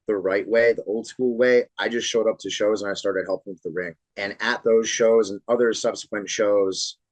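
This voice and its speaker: A man in his thirties from Florida, a pro wrestler telling animated, swear-laced stories as a podcast guest. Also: lowish voice, normal speed, dry recording, low-quality recording. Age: 30s. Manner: animated storyteller, swears freely. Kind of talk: casual podcast interview storytelling.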